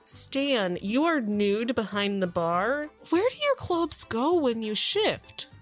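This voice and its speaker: A woman narrating as game master of a tabletop role-playing game, chatty and quick to laugh. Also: on the high side, very animated, soft background music. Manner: chatty, laughing, voicing characters.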